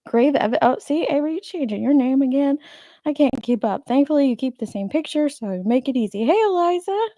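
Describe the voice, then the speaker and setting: This livestream host speaks high and a little fast with a mellow tone, in studio-quality audio without echo. She greets her live chat viewers by name and talks casually with them, sounding slightly sleepy.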